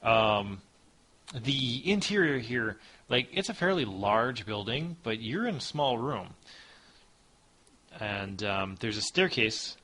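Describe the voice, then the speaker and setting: A man's voice: medium pitch, sing-song, takes it slowly, pauses often, sharp tone. A man narrating as game master of a tabletop role-playing podcast, casual and hesitant with lots of ums.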